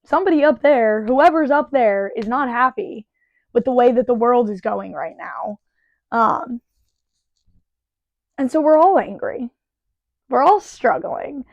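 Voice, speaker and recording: A woman with a somewhat high voice vents in a casual, profane, exasperated monologue. She laughs often between complaints. The recording is dry and a little dull and lo-fi. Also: expressive, measured pace, long pauses, no room sound. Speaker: podcast host and bartender.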